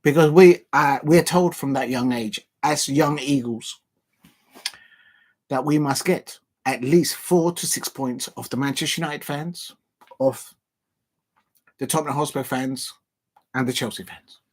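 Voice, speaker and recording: A young man talks through a football watch-along in a loose, animated way, laughing and circling back to his catchphrases. His voice is husky and sits at an ordinary pitch for a man. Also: measured pace, pauses often. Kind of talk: casual livestream chat.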